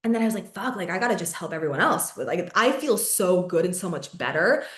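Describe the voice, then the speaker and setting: A woman's voice: lowish voice, sing-song, fast talker, a bit bright. Chatty young woman telling stories in a roomy space. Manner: chatty, filler-heavy, swears often, laughs mid-story. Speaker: podcast host. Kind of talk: casual storytelling monologue.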